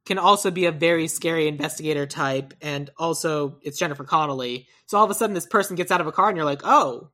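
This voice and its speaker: A woman with a low voice and a bright, edged tone talks through her ideas in casual podcast chat. She rambles, corrects herself mid-sentence and drops into animated asides. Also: quick pace, hardly any pauses. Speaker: podcast co-host. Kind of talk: casual chat about movie casting.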